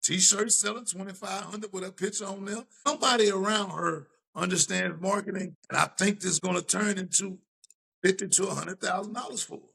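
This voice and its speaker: A man's voice: high voice, fairly even intonation, fairly quick, vocal fry, sharp tone, husky. A man co-hosting a talk show in a laid-back, slangy, opinionated chat. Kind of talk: casual podcast chat.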